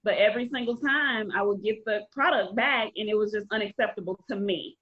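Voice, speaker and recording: A woman's voice: medium pitch, fairly quick, muffled recording. A woman speaking as a guest on a podcast, telling her story in an earnest, emphatic way. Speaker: playwright and film director guest. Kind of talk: casual podcast interview.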